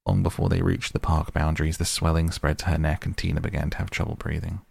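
Deep gravelly male audiobook narrator. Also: fast, dry recording. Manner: reads all characters in a mostly even narrating voice. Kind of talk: scripted narration.

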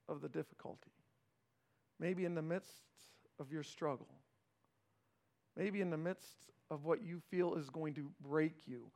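Male preacher with a high voice; dynamic sermon delivery that swings loud and soft and acts out quoted lines. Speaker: pastor.

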